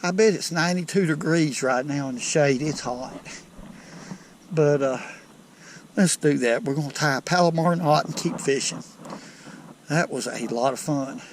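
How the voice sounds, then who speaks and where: A man with a Southern US accent hosting a fishing vlog from a lake bank, folksy and excitable as he talks straight to viewers. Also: on the high side, moderate pace, pauses often. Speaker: fishing channel host. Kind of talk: outdoor fishing vlog commentary. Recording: outdoor noise behind voice.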